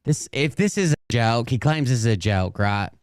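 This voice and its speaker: A man's voice: medium pitch, lively intonation, normal speed, smooth, no room sound. A man giving sarcastic reaction commentary on a livestream, dry and mocking.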